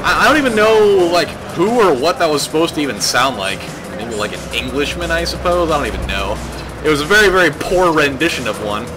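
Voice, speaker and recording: A man's voice: on the high side, animated, a little fast. A man hosting a let's play, giving rambling, joking and crude casual commentary over his gameplay. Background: game music.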